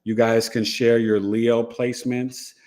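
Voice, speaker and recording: A man's voice: mid-range voice, flat delivery, a little slow, a little mellow. A middle-aged man hosting a live astrology stream, talking in a loose, chatty and playful way. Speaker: astrology show host.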